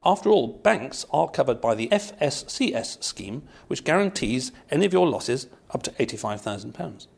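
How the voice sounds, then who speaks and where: A man's voice: mid-range voice, very animated, moderate pace, vocal fry, few pauses, breathy edge. A man hosting a finance podcast, reading a wry scripted intro and then chatting in a discursive, musing way. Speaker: podcast host. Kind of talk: scripted intro then casual interview chat. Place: meeting room in London.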